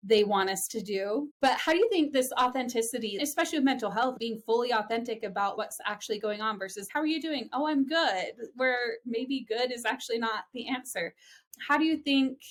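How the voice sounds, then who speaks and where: Woman podcast host, upbeat, kinda high voice, agrees a lot, long rambly questions. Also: a little fast. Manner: enthusiastic, affirming, rambling questions. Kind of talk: interview conversation.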